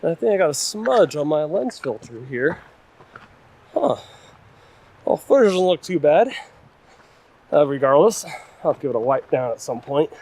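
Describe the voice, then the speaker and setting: A man's voice: fairly high pitch, big pitch swings, normal speed, pauses often, a little mellow. A young man chatting to viewers while hiking a rocky trail, out of breath, self-deprecating and talkative, recorded outdoors on a camera-mounted mic. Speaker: hiking vlogger. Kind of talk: casual vlog narration while hiking. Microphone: camera-mounted shotgun mic. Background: wind.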